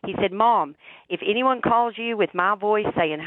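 A woman's voice: mid-range voice, moderate pace, dry recording. A woman calling in to a radio show, earnest and chatty, relaying a warning. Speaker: caller. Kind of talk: phone call to radio show. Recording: tinny dry phone line.

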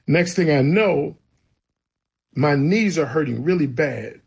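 A man's voice: fairly high pitch, lively intonation, takes it slowly, gravelly, a little mellow, slightly rough. A man, a guest, earnestly telling his personal faith testimony in a conversation. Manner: storytelling, earnest and emphatic.

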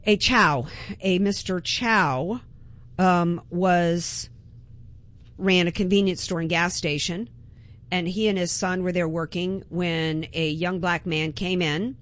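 A woman's voice: lowish voice, fairly even intonation, takes it slowly, a bit bright. Impassioned woman hosting talk radio. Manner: impassioned, emphatic, with frequent restarts. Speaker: radio talk show host. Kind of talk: political talk radio monologue.

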